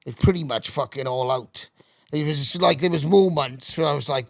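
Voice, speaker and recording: Middle-aged male podcast guest: raspy, higher-set voice, profane and animated, recorded dry and close. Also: moderate pace, no echo. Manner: swears constantly, animated anecdotes. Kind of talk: casual storytelling.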